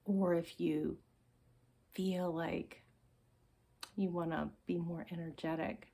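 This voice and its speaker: Woman, children's calm-time presenter: very slow, husky and soft, sighs and slips into whispers. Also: fairly low pitch. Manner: slow, soft, sighing and yawning, drifting into whispers. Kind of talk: soothing children's relaxation lesson.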